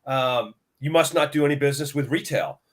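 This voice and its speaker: A man's voice: medium pitch, a little fast. A man on a market discussion panel, talking casually and retelling his conversations with suppliers in quoted dialogue. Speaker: lumber buyer on a market talk show.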